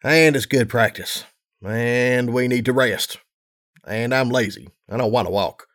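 A man voicing a weary mother mare pony, gruff but loving, in a low tired plain delivery. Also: unhurried, a bit bright, close to an everyday voice.

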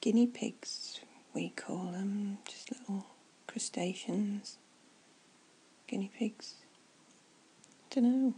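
A woman doing a whispered ASMR chat, soft and rambling as she muses aloud. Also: mid-range voice, slow pace, long pauses, husky, rough recording.

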